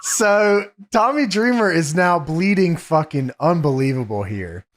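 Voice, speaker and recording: A male podcast host walking through a match in a casual, matter-of-fact recap. His voice sits a bit high and moves around a lot, with a teasing edge. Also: animated, measured pace, a little hiss or hum.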